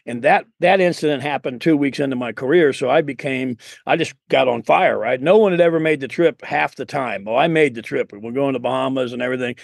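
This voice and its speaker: Gravelly middle-aged man telling stories. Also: medium pitch, a little fast, hardly any pauses, dry recording, studio quality. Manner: rambling, earnest, full of restarts and asides. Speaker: guest, insurance sales coach. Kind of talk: storytelling in an interview.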